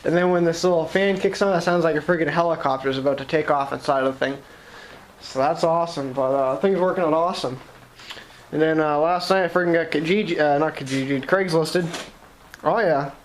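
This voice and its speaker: A man's voice: a little high, brisk, a little hiss or hum. Profane rambling guy with a Boston accent. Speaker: vlogger. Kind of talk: casual chat to camera. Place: his shop.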